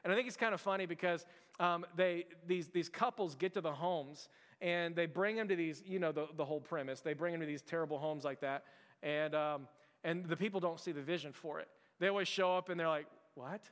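A man's voice: fairly high pitch, fairly even intonation, a little fast, a bit bright, in a large hall. A man preaching to his church in a casual, chatty sermon, full of "like" and restarts. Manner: chatty, heavy use of "like" and restarts. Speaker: pastor. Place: church sanctuary.

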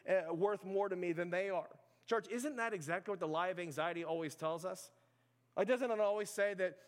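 A man's voice: sits high, in a large hall. A man preaching a sermon to his church in an easy, conversational way, full of "like" and "right". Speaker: pastor.

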